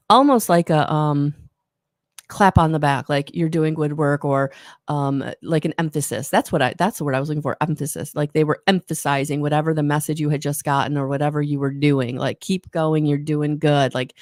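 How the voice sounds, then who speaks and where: Giving a live oracle card reading, an intuitive reader talks in a low voice, rambling and encouraging while frequently fixing her words mid-sentence. The recording is dry with clean studio sound.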